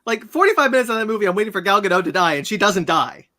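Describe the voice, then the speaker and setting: A man's voice: sits high, expressive, rapid-fire, bright, forceful tone. A man hosting a casual podcast chat, ranting animatedly and swearing as he recaps a film. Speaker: podcast host.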